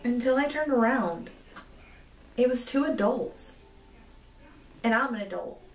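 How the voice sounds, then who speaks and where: A woman's voice: fairly high pitch, lively intonation, a little slow, reverberant, distant mic. A woman in her twenties telling a story to camera, indignant and rambling, with many fillers. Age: 20s. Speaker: vlogger. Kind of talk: storytime vlog.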